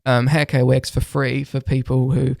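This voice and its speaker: A man co-hosting a podcast in casual, upbeat chat, chiming in with quick agreement. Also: mid-range voice, little pitch movement, gravelly, darkish tone, no room sound, studio quality. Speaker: podcast co-host.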